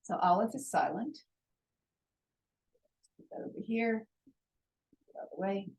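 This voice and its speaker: A woman teaching a Hebrew lesson, slowly and patiently drilling vowel sounds and letters at a board in a classroom. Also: mid-range voice, a little mellow, husky, low-quality recording.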